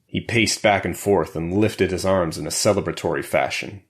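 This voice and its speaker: Deep-voiced male audiobook narrator. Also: normal speed. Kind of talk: scripted narration.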